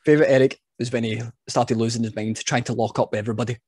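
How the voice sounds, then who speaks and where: A man's voice: mid-range voice, fast talker, no echo, studio quality. A man, a wrestling referee guest, telling stories in a casual chat and laughing at himself. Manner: animated storyteller, laughs at himself.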